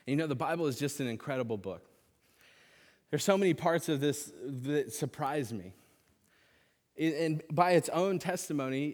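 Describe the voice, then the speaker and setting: A man's voice: medium pitch, a little mellow. A man preaching a sermon as a pastor, earnest and conversational, with casual fillers. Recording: long reverb of a large hall.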